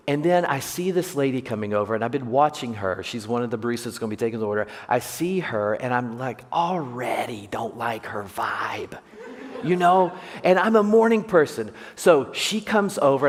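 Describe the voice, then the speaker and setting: A pastor delivers his sermon through personal stories, throwing questions and jokes to the congregation. His medium-pitched voice carries a long reverb from a large sanctuary. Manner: jokey storyteller, asks the congregation questions. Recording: long church hall reverb.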